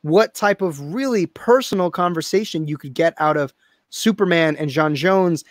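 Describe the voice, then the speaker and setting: Upbeat man pitching comic ideas. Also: moderate pace, dry recording, clean studio sound. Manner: animated, pitches ideas with laughs. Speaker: podcast co-host. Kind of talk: casual chat.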